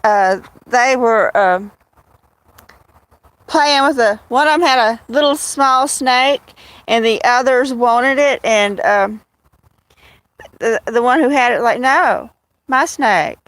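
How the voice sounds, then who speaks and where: A woman chats in a rambling way to her cats and viewers during a casual outdoor phone livestream, making her way to a field with the kittens. She's a little high-pitched and fairly bright, speaks slowly, pauses often, and there's no room sound.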